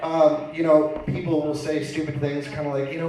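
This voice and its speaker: A man's voice: on the high side, fairly even intonation, normal speed, hardly any pauses, warm tone. A man performs stand-up in a bar lounge, his voice echoey and a little distant from the mic. He talks with sarcastic, exasperated storytelling. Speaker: open mic host and stand-up comedian. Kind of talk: stand-up comedy set. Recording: echoey room, voice from far off.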